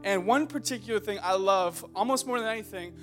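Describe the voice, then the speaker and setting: Loud, high-voiced young pastor preaching. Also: male voice, a little fast, soft background music. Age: 20s. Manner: loud, joking, calls out to the crowd. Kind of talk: energetic sermon. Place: church hall.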